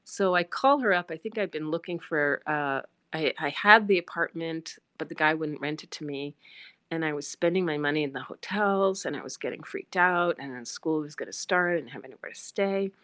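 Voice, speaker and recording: A middle-aged woman with a low, deep voice, recorded dry and close on a phone. She spins a long, meandering personal story, leaning on fillers and acting out bits of dialogue. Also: moderate pace, a bit bright, smooth, no echo. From United States. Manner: chatty and rambling, with many fillers and acted-out quotes. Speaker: livestream host. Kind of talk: casual storytelling on a livestream.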